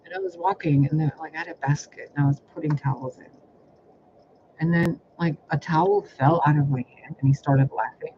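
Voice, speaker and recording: A man's voice: fairly high pitch, steady tone, fairly quick, darkish tone. Exasperated, profane man telling a rambling story. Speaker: spiritual reader recounting personal life. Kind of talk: casual rambling storytelling vlog. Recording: dull lo-fi audio with faint hiss.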